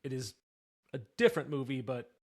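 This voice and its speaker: A man co-hosting a casual nutrition podcast, talking in a playful, halting way and trying out impressions. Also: medium pitch, big pitch swings, gravelly. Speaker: podcast co-host, nutrition coach.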